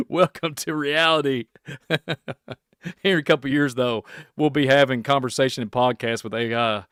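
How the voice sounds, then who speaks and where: A man's voice: medium pitch, unhurried, a bit bright, clear, resonant tone, no echo. Man, podcast host, rambling, folksy, chuckling, dry close-mic sound. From Kentucky. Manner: rambling, laughs often, folksy. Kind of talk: reaction podcast, casual chat.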